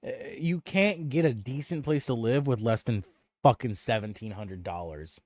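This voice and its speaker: A man's voice: medium pitch, normal speed, darkish tone, dry recording. A man streaming live reactions to news clips, talking casually with sarcastic, profane, scornful asides.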